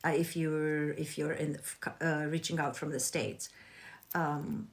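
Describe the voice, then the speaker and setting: A woman hosting a casual spiritual livestream, gushing and chatting warmly with her viewers. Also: low-pitched, little pitch movement, takes it slowly. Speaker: livestream host.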